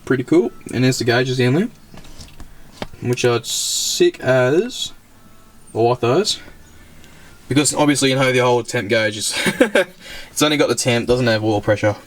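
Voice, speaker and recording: A man's voice: medium pitch, expressive, normal speed. A young Australian man, a car channel host, chatting casually and rambling as he shows off a classic car, filming from inside it on a handheld camera. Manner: rambling and chatty, loses words, laughs often. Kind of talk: casual car walkaround vlog. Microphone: handheld camera mic.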